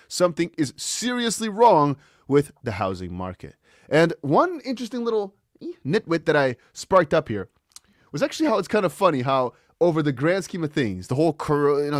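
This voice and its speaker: A man hosting a crypto news show, talking through market charts in a loose, animated way with rhetorical questions. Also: a little high, dry recording, clean studio sound. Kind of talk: casual market commentary.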